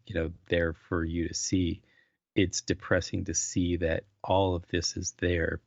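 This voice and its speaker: A man's voice: sits low, creaky, dry recording, muffled recording. A man co-hosting a casual architecture podcast, rambling and agreeable, with frequent stammers. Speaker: podcast co-host. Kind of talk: casual conversation.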